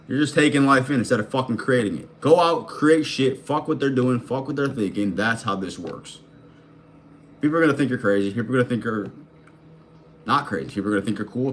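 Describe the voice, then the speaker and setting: A man in his thirties delivering a motivational rant to camera, swearing freely and dropping slang as he talks. His pitch sits in an ordinary middle range. He throws blunt questions straight at the listener. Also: slight background noise. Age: 30s. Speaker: vlogger and life coach.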